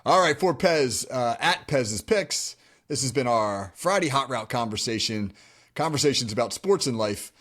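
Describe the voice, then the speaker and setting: A man's voice: mid-range voice, lively intonation, moderate pace, fairly bright tone. A man hosting a casual sports chat show in a laid-back way, laughing often as he talks. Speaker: show host and football coach.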